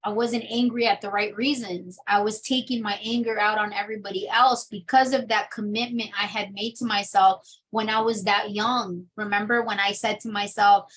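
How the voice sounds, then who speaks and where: Young adult woman, personal testimony, candid storytelling, fillers throughout, mid pitch. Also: steady tone, moderate pace, hardly any pauses, fairly bright tone, low-quality recording. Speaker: interview guest.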